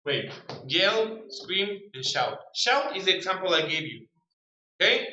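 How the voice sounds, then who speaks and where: A man's voice: sits high, sing-song, a little slow, sharp tone, slight background noise. A man teaching an English vocabulary lesson in a classroom, reading word lists aloud and explaining words with acted examples. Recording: distant echoey classroom, dull lo-fi sound.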